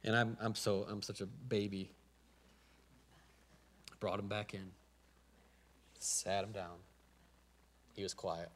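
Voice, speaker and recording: A middle-aged man with a Midwestern American accent preaching a sermon as pastor, moving from hushed storytelling to loud, stammering pleading. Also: on the low side, steady tone, slow, long pauses. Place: church sanctuary.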